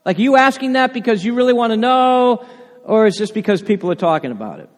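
Guy preaching a sermon, high voice, gets really animated acting out quotes, big echoey church sound. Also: fairly quick. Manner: animated, acts out quoted voices with rising intensity. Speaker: pastor. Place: church sanctuary.

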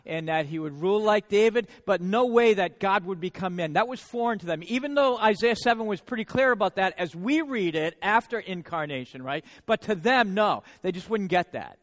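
A man preaches a sermon in a loose, conversational way and keeps checking in with "right?". His voice sits high for a man, and a long reverb trails after it, as in a large hall. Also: lively intonation, fairly quick, few pauses, fairly bright tone.

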